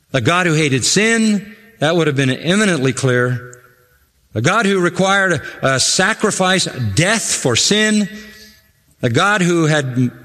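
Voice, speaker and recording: A man's voice: fairly high pitch, a bit bright, big-room sound. A man preaching a sermon, stressing and repeating key phrases for emphasis.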